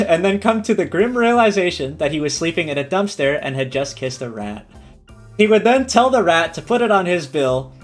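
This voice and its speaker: A man streamer reading a silly story aloud and chatting with his viewers, animated and giggly. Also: on the high side. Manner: animated, giggly, breaks into laughs.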